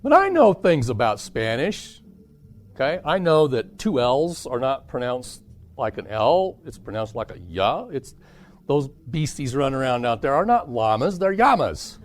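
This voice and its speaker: A man teaching a parenting seminar to a live audience, keeping it lively by asking the listeners questions. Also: medium pitch, unhurried. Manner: animated, asks the audience questions.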